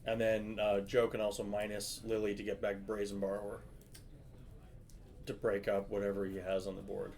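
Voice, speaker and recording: Excitable male game commentator. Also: lowish voice, creaky. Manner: excitable, quick reactions to each play. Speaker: play-by-play commentator. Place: card shop.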